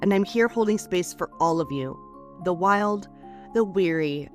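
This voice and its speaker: A woman podcast host reading a scripted reflective letter aloud, soothing and expressive, moving between lifted phrases and hushed drops. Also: fairly low pitch, a little slow, faint music behind.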